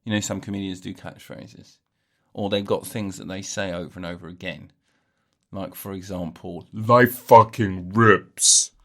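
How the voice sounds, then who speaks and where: A man hosts a solo comedy podcast, rambling and joking at a moderate pace. His voice is low and his delivery flat, and he keeps cutting himself off and laughing at his own jokes.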